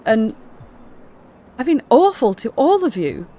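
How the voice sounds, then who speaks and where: A woman's voice: sits high, big pitch swings, warm tone, pitched above the performer's own voice, heavily acted. A woman voicing a remorseful young woman who stammers through earnest apologies. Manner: stammering, halting.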